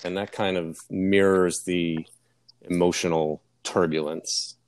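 Man, very low voice, casual podcast talk, measured, filler-heavy. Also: steady tone, no echo. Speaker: podcast co-host. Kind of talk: casual music discussion.

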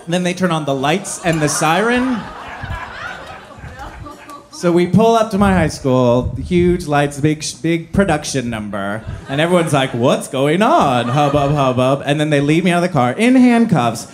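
A man from New Jersey telling a personal story live, self-deprecating and halting with many fillers. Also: on the high side, lively intonation, slight background noise.

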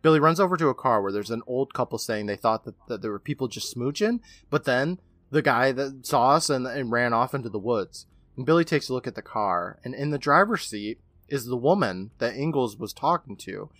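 A man's voice: mid-range voice, expressive, brisk, fairly bright tone, dry recording. A young man hosting a podcast, retelling a horror episode casually and jumping into characters' lines. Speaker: podcast host.

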